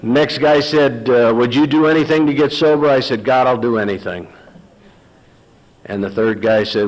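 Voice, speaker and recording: A man's voice: mid-range voice, normal speed, rough recording. Middle-aged man, folksy storyteller, quotes dialogue. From Texas. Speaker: recovery meeting speaker. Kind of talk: personal story told to an audience.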